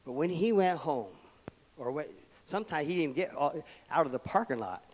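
A pastor delivers a sermon in a church sanctuary, his voice a little high, animated, somewhat fast and slightly rough. He preaches emphatically, swinging between loud declarations and quiet asides, and the hall's long reverb trails after him.

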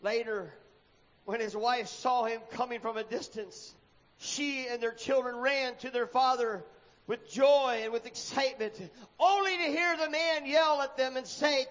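A man's voice: extremely high pitch, fairly even intonation, unhurried. A man preaching a sermon, telling a story dramatically and acting out the characters' cries. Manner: dramatic, acts out shouted lines. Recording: dull echoey hall recording.

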